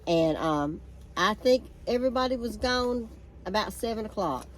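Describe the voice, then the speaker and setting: A woman's voice: medium pitch, expressive, normal speed. Older woman telling rambling stories. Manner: rambling, homey storytelling. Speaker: co-host. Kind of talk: casual chat. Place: backyard, outdoors.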